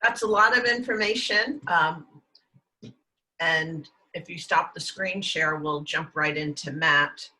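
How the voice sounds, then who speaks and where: A man moderating an online panel in a brisk, organizing way, speaking on a video call. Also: a little high, pushed and bright, poor audio. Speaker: webinar moderator.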